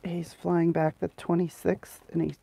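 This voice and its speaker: A woman's voice: on the low side, little pitch movement, measured pace, creaky, warm tone, husky. A middle-aged woman, the host of a crafting livestream, chatting casually and sarcastically to her viewers as she works, close to the mic. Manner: chatty, sarcastic, talks to herself while working.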